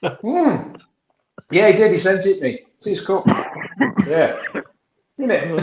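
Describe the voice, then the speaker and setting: A chatty man who laughs easily, his voice sitting a bit high. The sound is roomy and dull, with faint hiss underneath. He talks in a loose, casual way. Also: very animated, slow pace, long pauses. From Wales. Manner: chatty, laughs often, British slang. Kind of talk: casual chat.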